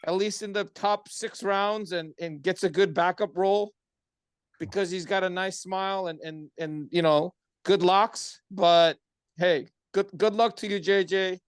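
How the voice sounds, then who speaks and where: A man with a fairly high voice trades sarcastic, teasing takes on a casual sports podcast. His voice sounds dry and close, with almost no room around it. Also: fairly even intonation, a little slow, clear, resonant tone, no room sound. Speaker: podcast co-host.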